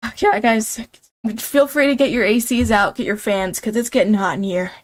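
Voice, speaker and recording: A woman's voice: mid-range voice, moderate pace. A young woman streaming a game, playfully reading its text aloud and chatting with viewers, giggling often.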